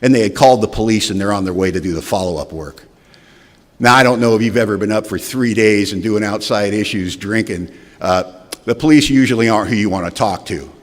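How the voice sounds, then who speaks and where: A man's voice: lowish voice, brisk. A man giving a personal recovery testimony at a meeting, with candid, wry storytelling that acts out past conversations. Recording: long hall reverb.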